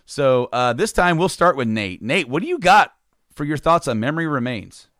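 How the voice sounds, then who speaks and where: A man's voice: on the high side, big pitch swings, normal speed, a bit bright, no echo, clean studio sound. A man hosting a casual music podcast, talking loosely with many restarts and fillers. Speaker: podcast host. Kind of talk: casual chat.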